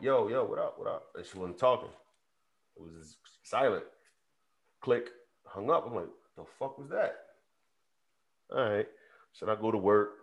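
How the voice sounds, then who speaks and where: Man co-host, lively storyteller, big swings in pitch, casual podcast banter. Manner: animated storyteller, acts out phone calls, swears freely.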